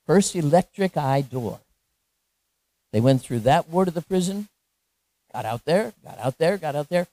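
Woman preacher, sermon, animated storytelling, laughs often, mellow low voice, dry sound. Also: unhurried, long pauses, no room sound.

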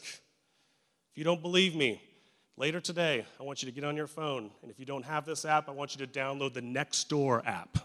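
Joking pastor in an echoey church. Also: male voice, mid-range voice, normal speed, fairly bright tone. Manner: conversational, joking, emphatic. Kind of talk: sermon.

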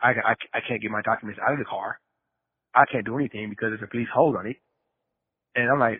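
A man's voice: lowish voice, fairly even intonation, fast, pauses often, husky. A man co-hosting a podcast by phone, venting in a casual, frustrated rant that trails off. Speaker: podcast co-host calling in. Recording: tinny phone line with long reverb.

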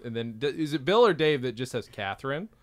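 Podcast co-host, a man with a lively, swinging pitch who laughs easily. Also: brisk. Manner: lively, laughs often, affirms with frequent mm-hmms. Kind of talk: casual chat recapping a sitcom episode.

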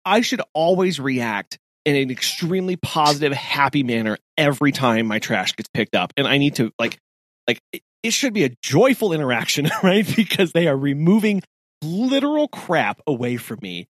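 A man co-hosting a podcast, chatting casually in an animated way with frequent laughs and restarts. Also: a little high, normal speed, dry recording, clean studio sound. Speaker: podcast co-host.

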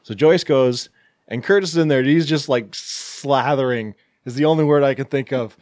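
A man's voice: medium pitch, normal speed, a little mellow, dry recording, studio quality. A man co-hosting a casual podcast, retelling a horror movie plot with laughs. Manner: storytelling recap, laughing. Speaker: podcast co-host. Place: same room as co-host, dry recording.

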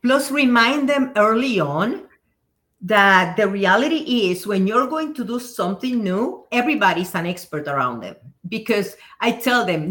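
A woman speaking as a real estate agent guest in a relaxed interview. Her voice sits at an ordinary middle pitch, and she gives advice in a calm, steady way, leaning on simple everyday examples. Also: moderate pace. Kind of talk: casual interview chat.

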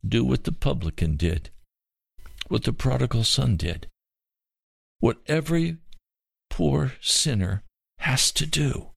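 An earnest pastor pleads gently with a dying man, as a man reads his part in a storybook. He speaks slowly, in a low, gravelly voice. The sound is close and dry. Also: expressive, no echo, heavily acted. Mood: pleading.

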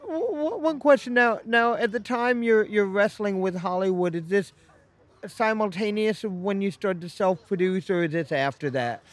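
A man hosting a casual interview, asking halting questions between brief backchannels. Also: high-pitched. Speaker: podcast host.

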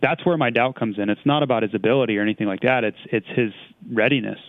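A man who talks fast and often restarts and repeats his words, heard as a co-host. The sound is tinny and phone-like, with no room echo. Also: medium pitch. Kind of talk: casual sports chat. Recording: dry, phone-like thin audio.

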